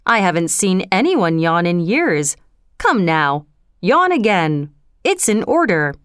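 A woman's voice: fairly low pitch, sing-song, takes it slowly, clean tone, dry recording, clean studio sound. A woman voicing a proud old king on a tiny planet, speaking in a stern, commanding way.

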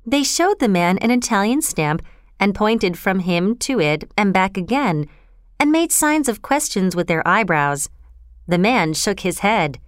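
Woman reading a kids story, smooth voice, dry close sound. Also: medium pitch, a little slow, no room sound. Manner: expressive, clear reading. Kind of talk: scripted children's story narration.

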